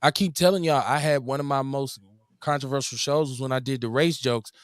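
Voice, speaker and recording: A man's voice: mid-range voice, fairly even intonation, a little fast, no room sound, studio quality. A man with a Milwaukee accent hosting a call-in radio show, bantering and joking with laughs. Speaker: radio host. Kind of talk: casual chat.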